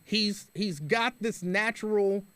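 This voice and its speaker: A man's voice: high voice, slow, a bit bright, smooth, no echo. Opinionated radio host, a man. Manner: conversational, opinionated, with frequent restarts. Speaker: radio talk show host. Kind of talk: casual call-in talk, reading listener comments.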